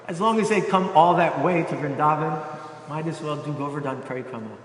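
High-voiced man telling a sermon story. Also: brisk. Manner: animated storyteller, acting out quotes. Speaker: preacher. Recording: echoey hall.

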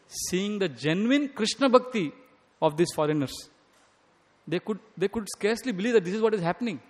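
A man's voice: high-pitched, fairly bright tone. A man giving a devotional lecture, telling stories, quoting and sometimes singing scripture verses. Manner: storytelling, quotes scripture and sings verses. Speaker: speaker giving a devotional talk. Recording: long reverb of a hall.

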